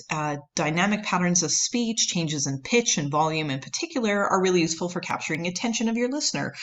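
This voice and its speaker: Low-voiced woman giving a lecture. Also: fairly bright tone. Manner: explanatory, many fillers and "right?" checks. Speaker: anthropology lecturer. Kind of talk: recorded lecture.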